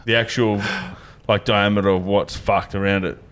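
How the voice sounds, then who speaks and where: A man's voice: on the low side, little pitch movement, moderate pace, a bit bright, smooth. An Australian man co-hosting a casual podcast among mates, swearing freely and telling rambling anecdotes. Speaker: podcast co-host.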